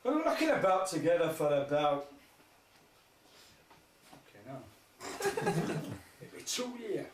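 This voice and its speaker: A man's voice: high voice, big pitch swings, takes it slowly, long pauses, distant mic. A man telling rambling, sweary stand-up jokes and laughing along with them. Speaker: comedian. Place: live music festival stage. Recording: roomy hall, mic from afar, faint noise.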